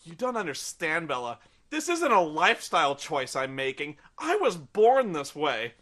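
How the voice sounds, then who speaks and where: Earnest young man, solemn and hurt, with a sharp bright tone, played by a man. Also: fairly high pitch, huge pitch swings, normal speed, exaggerated voice. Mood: wounded. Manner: solemn, mock-dramatic.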